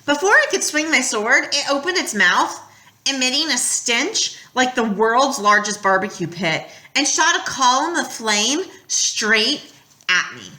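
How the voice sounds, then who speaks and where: Brief: animated female audiobook narrator, bright and lively, tense beats read softer, roomy echo. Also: high-pitched, measured pace. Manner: expressive storytelling, drops quiet at tense moments. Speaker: audiobook reader. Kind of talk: first-person novel narration.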